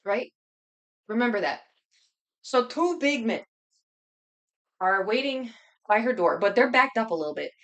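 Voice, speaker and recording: A woman livestreamer telling a rambling, animated story to her chat, talking so fast she has to stop and catch her breath. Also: on the high side. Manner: rambling, animated anecdote with many restarts.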